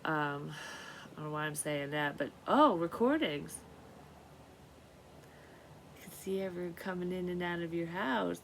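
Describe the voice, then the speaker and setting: A woman's voice: fairly low pitch, a little slow, creaky, long pauses, fairly bright tone, a little hiss or hum, rough recording. A woman vlogging in a rambling, profane monologue, talking to herself and now and then dropping into a whisper. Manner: profane, scattered, talks to herself, drops into whispers. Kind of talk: rambling psychic vlog monologue.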